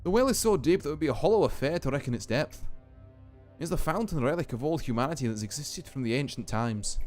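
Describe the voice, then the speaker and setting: A man voicing a stately woman who keeps a deep well, with a put-on Scottish accent and a slow, grand delivery, reading game dialogue aloud. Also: lively intonation, darkish tone, soft background music, lightly acted. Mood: solemn.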